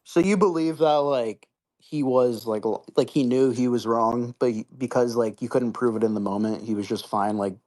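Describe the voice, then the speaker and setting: A man's voice: medium pitch, normal speed, a little mellow. A man asking hesitant, filler-heavy questions in a casual group voice chat.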